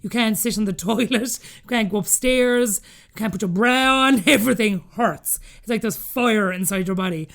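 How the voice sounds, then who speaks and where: A woman's voice: fairly high pitch, gravelly. A woman in her thirties with an Irish accent, a podcast guest telling her story candidly and acting out the dialogue she quotes. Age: 30s. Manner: rapid, animated, acts out quoted dialogue.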